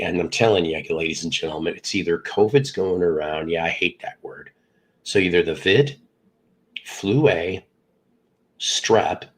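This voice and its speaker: A man's voice: deep voice, slightly rough, poor audio. A middle-aged man who hosts a live stream, sounds congested from illness, and rambles with jokes as he greets viewers by name. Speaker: livestream host. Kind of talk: casual live chat with viewers.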